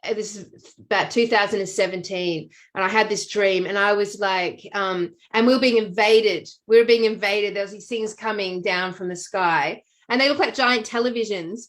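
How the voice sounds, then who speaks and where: A woman telling a long personal story in casual chat, animated and full of "like" and "um". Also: mid-range voice, moderate pace, hardly any pauses. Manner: animated storytelling with many fillers. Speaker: podcast co-host.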